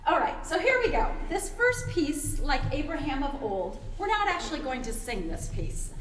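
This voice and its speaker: Lady giving a choir conducting lesson, slightly high voice, roomy echo, faint background hum. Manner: explanatory, demonstrates vowel sounds, many fillers. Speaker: choir conductor and workshop presenter. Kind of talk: webinar teaching.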